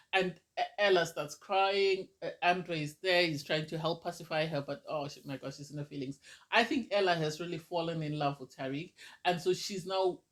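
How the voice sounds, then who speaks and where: A man with a notably high voice talks through a reality show episode in a loose, casual recap. He gushes and exclaims as he goes, in an easy, chatty review style.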